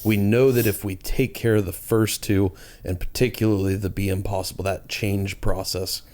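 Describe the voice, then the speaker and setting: A man co-hosting a podcast talks through his ideas earnestly, in a casual, explanatory way. His voice sits low and stays fairly level in pitch. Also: fairly even intonation, normal speed, a little mellow. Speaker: podcast co-host.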